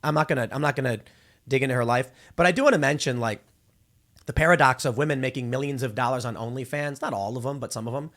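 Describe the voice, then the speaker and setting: A man's voice: medium pitch, fast, a bit bright. A male host in his thirties giving casual opinion commentary, rambling and restarting with repeated words. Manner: acts out quoted people in exaggerated voices.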